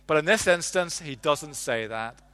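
A man's voice: on the high side, normal speed, smooth. Man preaching a sermon. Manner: animated storytelling, drops to a hush on quotes. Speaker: pastor.

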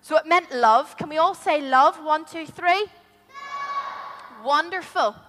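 A woman telling a story to a group of children, animated and asking them questions as she goes. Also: high-pitched, slow. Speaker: children's storyteller at a church holiday club. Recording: long hall reverb.

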